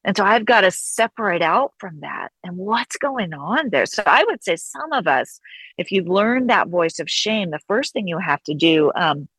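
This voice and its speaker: Low-voiced earnest woman guest. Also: animated, a bit bright, breathy edge, no room sound, poor audio. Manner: earnest, reflective, slows down to stress key phrases. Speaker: guest author and counselor. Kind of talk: conversational interview.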